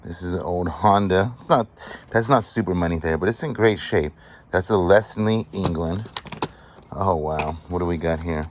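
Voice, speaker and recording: Deep-voiced man excitedly sorting finds. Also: normal speed, slight background noise. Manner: excited, chatty, appraising items aloud. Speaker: vlogger sorting a storage unit find. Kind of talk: casual show-and-tell commentary.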